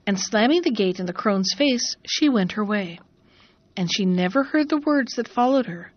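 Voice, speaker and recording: A woman narrating a fairy tale in a measured, expressive reading voice. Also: mid-range voice, no room sound, highs cut off. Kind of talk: storybook narration.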